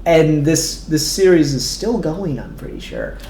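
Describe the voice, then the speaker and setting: A man's voice: on the high side, big pitch swings, a little slow, vocal fry, mellow, slight background noise. A man reviewing comics in a casual chat, rambling with lots of ums and restarts and casual swearing. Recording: echoey room with faint ambience.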